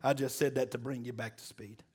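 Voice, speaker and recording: A man's voice: mid-range voice, flat delivery, a little fast, a little mellow, slightly rough. A man preaching a sermon, exhorting the congregation in call-and-response and mixing in folksy jokes.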